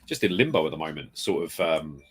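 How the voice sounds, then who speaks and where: A man's voice: very deep voice, big pitch swings, fairly quick, fairly bright tone, a little hiss or hum. A man chatting casually on a live stream at home, rambling and greeting viewers by reading out their comments. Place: home room full of retro games. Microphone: desk mic moved close.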